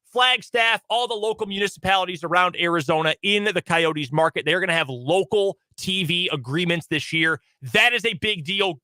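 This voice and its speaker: A man hosting sports radio, reading the headlines in a brisk, opinionated delivery. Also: high voice, sharp tone, no echo, poor audio. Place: radio studio.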